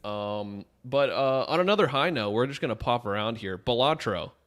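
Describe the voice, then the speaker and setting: A man's voice: medium pitch, animated, normal speed, fairly bright tone. A man co-hosting a gaming podcast who talks bluntly and crudely in a brash, casual way. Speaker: podcast co-host.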